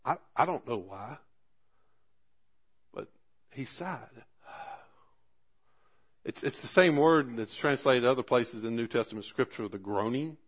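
A man's voice: mid-range voice, normal speed. Earnest male preacher with swelling emphasis. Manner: earnest, conversational asides to the congregation. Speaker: pastor. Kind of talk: sermon.

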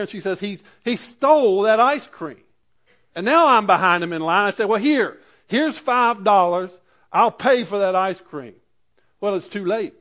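A man's voice: high-pitched, fairly bright tone. A man preaching a sermon in a conversational way, building to emphatic peaks. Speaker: pastor.

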